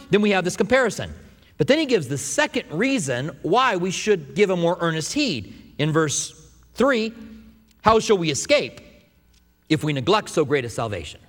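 A man preaching a sermon, telling stories and acting out quotes in an animated way. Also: sits high, in a large hall. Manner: animated storytelling with acted-out quotes. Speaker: pastor.

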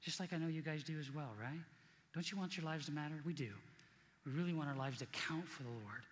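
A man's voice: on the high side, brisk, a bit bright, in a large hall. A middle-aged man preaching a sermon as pastor, earnest and conversational, repeating key points for emphasis.

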